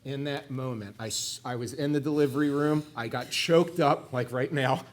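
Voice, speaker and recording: A middle-aged man giving a personal faith testimony, animated in places and hushed and earnest in others. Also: mid-range voice, normal speed. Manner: animated, shifts between excited and hushed earnest tones.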